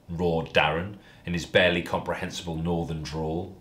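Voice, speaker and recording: A male comedian reads a parody story aloud with deadpan, mock-earnest delivery. His voice sits low but moves a lot, rising and falling for comic effect. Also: moderate pace, hardly any pauses.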